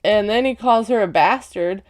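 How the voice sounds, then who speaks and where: A woman recapping a reality show in casual chat, sarcastic and quick to laugh at her own jokes. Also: medium pitch. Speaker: recap vlogger.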